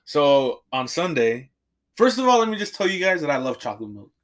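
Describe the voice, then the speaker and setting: A young man co-hosting a podcast, telling a story in animated casual chat and swearing freely. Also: a little high, fairly quick. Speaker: podcast co-host.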